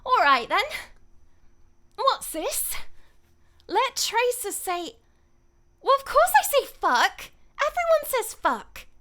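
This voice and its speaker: A woman's voice: very high-pitched, sing-song, slow pace, long pauses, sharp tone, pitched above the performer's own voice, exaggerated voice. A woman doing an impression of a perky, cheeky young game heroine, chirpy and brash. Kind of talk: voice impression on a stream.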